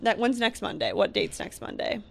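A woman hosts a casual podcast chat. Her voice is mid-pitched with a gravelly fry. She talks in a breezy, chatty way. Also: a little fast, fairly bright tone. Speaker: podcast host.

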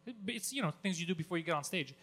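A Greek man, a stand-up comedian, telling a story in casual chat, animated and profane, acting out shouted lines. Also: sits high, rapid-fire. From Greece.

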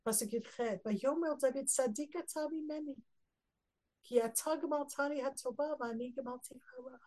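A woman's voice: sits high, fairly quick, darkish tone, low-quality recording. A woman teaching a Torah lesson, reading Hebrew verses and explaining them earnestly. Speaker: Bible teacher.

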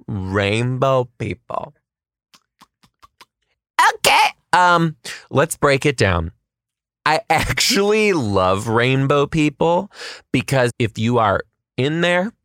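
A man, a schoolteacher, hosting a comedic solo podcast with quick asides and rhetorical questions. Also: medium pitch, fairly bright tone, dry recording, studio quality.

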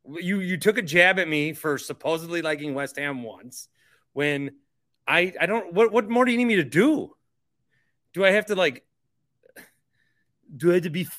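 A man's voice: high voice, expressive, normal speed, long pauses, a bit bright. A male sports radio host reacting to a caller, stammering and incredulous, with frequent repeated words.

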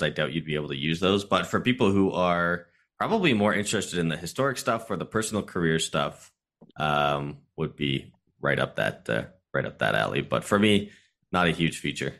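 A man's voice: low-pitched, fairly bright tone. A man, a streamer guest on a podcast, chatting casually and explaining his views at length.

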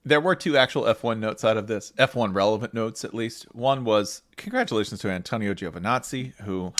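A man's voice: fairly low pitch, fairly quick, fairly bright tone. A man co-hosting a podcast in casual chat, joking and rambling with frequent restarts. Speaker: podcast co-host.

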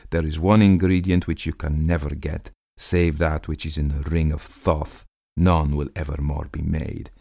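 A man's voice: very deep voice, flat delivery, normal speed, creaky, mellow, no echo, studio quality, full character voice. A man voicing a frenzied, exultant ancient priest with a wild, shrieking manner in a storybook reading. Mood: manic.

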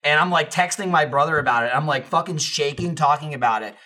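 A young man co-hosting a casual podcast, telling an animated story full of fillers and swearing. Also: a little high, fast. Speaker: podcast co-host.

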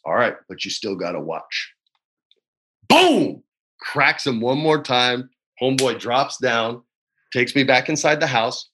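A man's voice: medium pitch, pushed and bright. A man in his forties, a guest in a casual interview from his home, laid-back, often saying man and dude, and choked up at times while telling stories. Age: 40s. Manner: emotional, choked up while storytelling. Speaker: actor guest.

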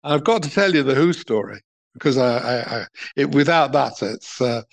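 An older man from England tells stories from his years as a music manager. He talks in a medium-pitched voice, chuckling as he goes. His telling is lively and full of asides. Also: moderate pace, gravelly. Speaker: talent manager, interview guest. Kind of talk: reminiscing interview answers.

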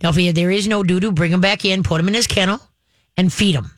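A woman giving puppy training advice on a radio show, folksy and chatty, checking in with a steady stream of "okay?". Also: on the low side, fast, dry recording. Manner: folksy, checks in with frequent "okay?", chants the commands.

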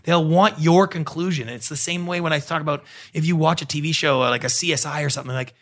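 A middle-aged man with a fairly high speaking voice talks through his ideas in a relaxed interview. He keeps slipping into quick acted-out quotes of other people as he tells his stories. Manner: animated storyteller acting out quoted voices. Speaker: guest, TV producer and pitch coach. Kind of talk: conversational interview.

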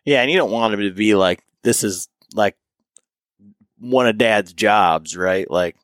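Chatty podcast host, dry close sound. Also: male voice, fairly low pitch, measured pace, no echo. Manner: chatty, acts out his daughter's lines, leans on "like". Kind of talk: casual podcast chat.

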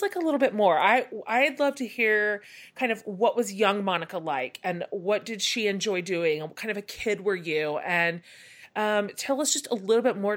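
A woman's voice: mid-range voice, fairly bright tone. Effusive chatty woman host. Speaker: podcast host. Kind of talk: casual interview conversation.

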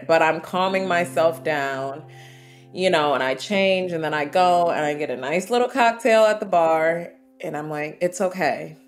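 A woman from the United States, a traveler and interview guest, telling her travel stories in an animated, vivid way. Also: low-pitched. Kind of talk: storytelling in an interview.

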